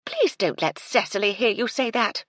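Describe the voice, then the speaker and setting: A woman's voice: mid-range voice, very animated, a little fast, slightly rough, dry recording, studio quality, voice pushed up. A woman voicing a fussy, irritable woman who speaks sharply and testily. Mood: irritated. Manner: sharp, testy, exasperated.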